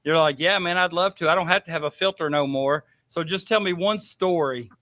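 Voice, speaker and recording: Bright, higher-voiced man hosting a podcast. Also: brisk, no echo. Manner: rambling, hesitant questions with fillers. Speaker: podcast host. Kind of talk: casual interview.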